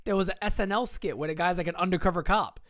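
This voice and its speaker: A man with a bright, tense-edged voice that sits a little high, chatting on a sports podcast. He jokes easily and talks in loose, slangy terms. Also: quick pace. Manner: joking, slangy, casual. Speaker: podcast co-host. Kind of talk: casual sports podcast chat.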